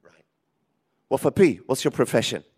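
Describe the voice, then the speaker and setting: A man preaching a sermon in church, lively and emphatic, with frequent restarts. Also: mid-range voice, normal speed, slightly rough. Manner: lively, rising to emphatic calls, with many restarts. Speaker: pastor.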